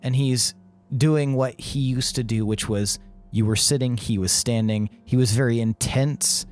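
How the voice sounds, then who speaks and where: A man's voice: medium pitch, fairly even intonation, a little slow, a little mellow. Easygoing male game master. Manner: easygoing, laughs often. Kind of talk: narrating a tabletop game.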